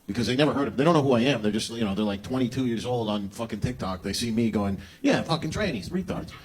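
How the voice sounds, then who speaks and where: A man's voice: mid-range voice, very fast, darkish tone, breathy edge. Crude, mocking male stand-up comic. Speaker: stand-up comedian. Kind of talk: stand-up comedy set. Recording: noisy live show recording.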